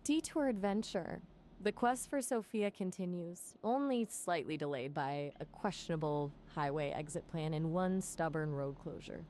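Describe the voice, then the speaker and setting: A woman's voice: on the low side, lively intonation, normal speed, a little mellow, a little hiss or hum. A synthetic woman's voice acting as an AI companion, chatty and full of playful quips. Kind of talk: conversational AI chat.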